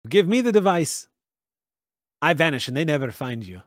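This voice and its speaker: Man playing a smooth-talking shady opportunist. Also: on the high side, sing-song, moderate pace, no echo, clean studio sound. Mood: scheming. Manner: persuasive, wheedling.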